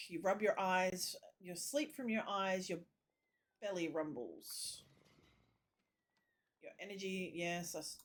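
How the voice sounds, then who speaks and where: Slow-reading woman streamer. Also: on the low side. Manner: reads narration slowly, drops into muttered asides. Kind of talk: reading a text game aloud with casual asides.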